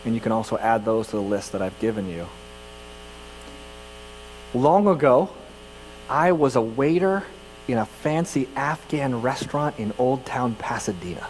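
A man's voice: mid-range voice, expressive, moderate pace, pauses often, big-room sound, a little hiss or hum, poor audio. A man from California preaching a sermon as pastor, telling personal stories in a conversational, self-deprecating way with frequent restarts. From California, United States.

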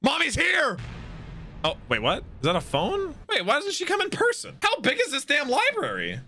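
A man reacting to an anime episode as he watches, excitable and thinking aloud in slangy chat. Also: extremely high pitch, fairly quick, a little hiss or hum.

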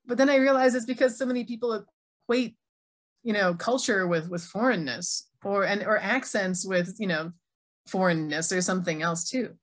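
A woman's voice: mid-range voice, moderate pace. A middle-aged woman from Minnesota with an American accent, giving a conversational keynote talk and reading audience chat replies aloud. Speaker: keynote speaker, Arabic teacher. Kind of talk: online conference keynote.

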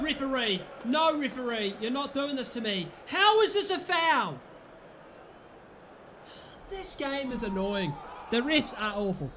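Young british guy yelling at his football game, really high bright voice. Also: sing-song, unhurried, long pauses, slight background noise. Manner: exasperated, yells at his players and the referee. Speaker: gaming YouTuber. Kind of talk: live gameplay commentary.

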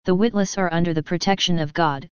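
A woman voicing a male caravan traveller who speaks in a stammering, halting way. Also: lowish voice, clear, resonant tone, no echo, dull audio, close to an everyday voice. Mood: solemn.

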